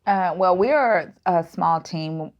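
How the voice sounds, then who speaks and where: A woman's voice: on the low side, takes it slowly. Founder woman, lo-fi sound. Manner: earnest, with frequent fillers and restarts. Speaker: startup founder and guest. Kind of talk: casual interview talk. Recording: dull lo-fi audio.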